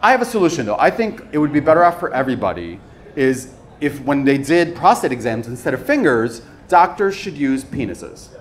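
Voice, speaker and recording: A man's voice: medium pitch, big pitch swings, brisk. A man doing stand-up comedy on a club stage, chatty and self-mocking, with playful asides. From USA, Chicago area. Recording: live club, loud crowd and noise.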